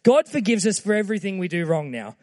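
Man, high voice, earnest casual sermon delivery. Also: very animated, quick pace, darkish tone, in a large hall. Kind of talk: short timed sermon.

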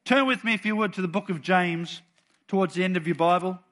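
Aussie preacher guy, slightly high voice, goes quiet then booms out the verses. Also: a little fast. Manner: swings between soft asides and loud bold scripture. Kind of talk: sermon.

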